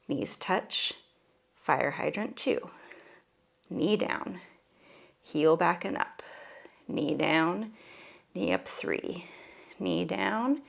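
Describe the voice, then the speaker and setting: Demonstrating as she goes, a woman talks students through a Pilates mat routine with relaxed, playful cues. She sounds creaky in a mid-range voice and occasionally gets breathless while instructing.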